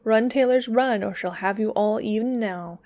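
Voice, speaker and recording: A woman voicing cheeky little mice in a storybook reading, chanting rhymes in shrill, twittering sing-song. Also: a little slow, a little mellow, lightly acted. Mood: merry.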